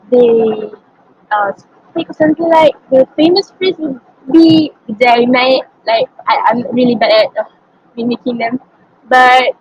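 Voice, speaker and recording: On a lo-fi recording with a bit of hiss or hum, a young woman's high voice carries a Malaysian English accent; Malay is her native language. She responds earnestly to interview questions, pausing to think aloud with frequent ums.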